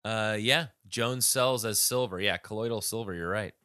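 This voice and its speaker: A man's voice: on the low side, moderate pace, pushed and bright, clear, resonant tone, dry recording, clean studio sound. A man co-hosting a podcast in casual chat, with easygoing, agreeable replies. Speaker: podcast co-host, runs the audio.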